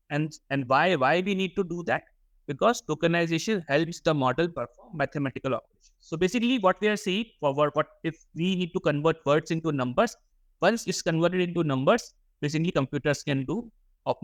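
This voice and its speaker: A young man with a slightly high voice teaches a workshop class, recorded dry and close with no room echo. He frequently repeats words and keeps asking his students questions.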